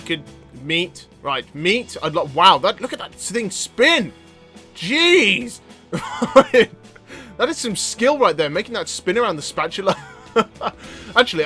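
Excitable young Englishman playing a game. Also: on the high side. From England. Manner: excitable, yelling and laughing at the game. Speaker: gaming channel host. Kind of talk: let's play commentary.

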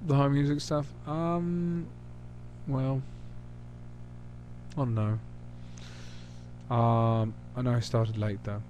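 A man from the United States talks casually and unhurriedly, full of hesitations. His voice sits at a middle pitch. A faint background hiss runs under the recording. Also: flat delivery, a little mellow, highs cut off. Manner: rambling, hesitant, full of pauses. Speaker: channel host answering questions.

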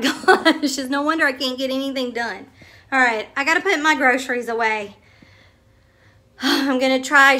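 A middle-aged woman vlogger with a high-pitched voice tells a story to the camera, chatty and excitable. She swears casually and addresses her viewers as y'all.

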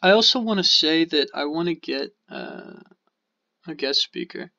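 A gravelly, sharp-toned co-host with a slightly high voice rambles through a profane story at a measured pace, animatedly acting out the quotes of the people involved. The casual podcast recording has no echo but sounds dull and lo-fi.

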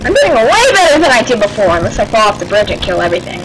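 A woman commentating her own gameplay, excitable and yelling at the game. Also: on the high side, fast talker, noisy background. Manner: excitable, shrieks and yells at the game. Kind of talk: let's play commentary. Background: game music.

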